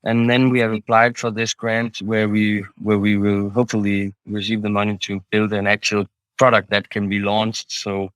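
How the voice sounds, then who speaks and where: A man's voice: fairly low pitch, level tone, normal speed, few pauses, a bit bright, clean tone, no echo, low-quality recording. A man talking as an interview guest, a startup founder, hesitant, with many restarts and fillers. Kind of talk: casual interview talk.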